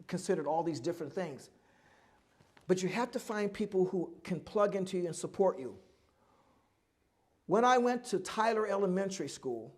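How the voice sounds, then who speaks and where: A man's voice: high voice, darkish tone. An older man giving a live oral history talk, telling stories animatedly, acting out other people's lines and laughing often.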